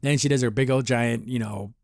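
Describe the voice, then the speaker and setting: A man's voice: medium pitch, steady tone, a little fast, no echo, clean studio sound. A man hosting a podcast, giving a casual, rambling review of a cartoon episode, acting out the characters' lines and laughing often. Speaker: podcast host.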